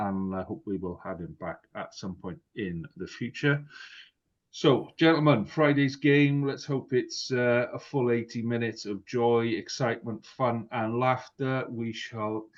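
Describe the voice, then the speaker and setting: A man hosting a podcast in casual chat, rambling with fillers and restarts. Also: medium pitch. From Wales. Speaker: podcast host. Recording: dull lo-fi sound.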